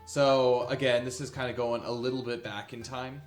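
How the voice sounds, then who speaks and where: A man narrating a tabletop game as game master, in a casual, halting way with many fillers. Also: mid-range voice, fairly even intonation. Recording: echoey room with faint music.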